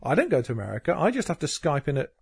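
A man's voice: a little high, wildly swooping pitch, very fast, gravelly, darkish tone, husky, no room sound. A man hosting a casual podcast chat, sarcastic and teasing, swearing freely. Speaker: podcast host.

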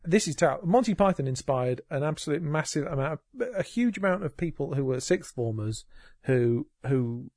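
A man's voice: fairly high pitch, animated, normal speed, darkish tone, no echo. A man co-hosting a podcast, chatting casually in a rambling, sweary and sarcastic way. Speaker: podcast co-host. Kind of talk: casual chat.

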